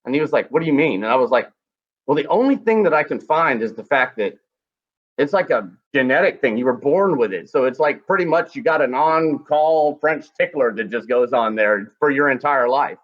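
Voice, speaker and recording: A man's voice: medium pitch, moderate pace, muffled recording. A former combat medic telling crude army stories casually, acting out the people he quotes. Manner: crude, animated anecdote-telling with acted quotes. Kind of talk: casual storytelling.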